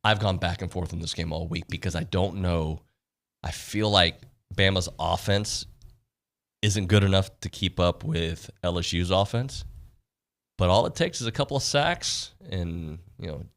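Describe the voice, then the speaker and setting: A man's voice: deep voice, normal speed, a bit bright. A man co-hosting a casual sports talk radio show, giving easygoing, matter-of-fact game picks.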